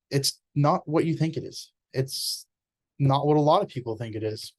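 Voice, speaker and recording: A man's voice: mid-range voice, darkish tone, no room sound. A man giving an informal explanatory presentation in an earnest, conversational way, often restarting words mid-sentence.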